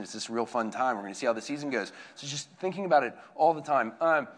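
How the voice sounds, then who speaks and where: A man, a campus minister preaching a conversational sermon, telling stories that swing from hushed to excited. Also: medium pitch, rapid-fire, few pauses.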